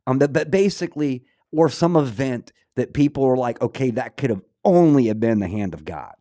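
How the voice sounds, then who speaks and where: A man's voice: mid-range voice, lively intonation, normal speed, mellow, no echo. Earnest guy chatting on a podcast, mid voice, lots of you know, dry sound. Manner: earnest, conversational, with filler words. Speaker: podcast co-host. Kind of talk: casual chat.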